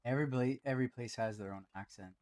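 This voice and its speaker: A man at a medium pitch, talking casually on a live stream while he builds in a game. He chats in a relaxed way and often drops to a mutter as he works. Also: rapid-fire.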